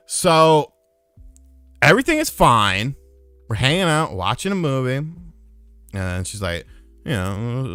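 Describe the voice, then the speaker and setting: A man casually telling a profane story on a live stream, getting loud and heated when he retells a fight. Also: mid-range voice, big pitch swings, normal speed, pauses often, no room sound, soft background music. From lived in North Carolina.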